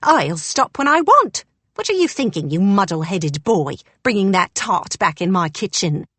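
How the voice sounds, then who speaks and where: A woman voicing a cranky, half-deaf old housekeeper with an English accent, shrill and scolding. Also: sing-song, moderate pace, a bit bright, no echo. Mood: indignant.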